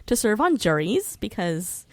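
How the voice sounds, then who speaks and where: A woman's voice: medium pitch, very animated, unhurried, no echo. A woman with a law background, chatting on a podcast as a guest, laughing often. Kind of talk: casual podcast chat.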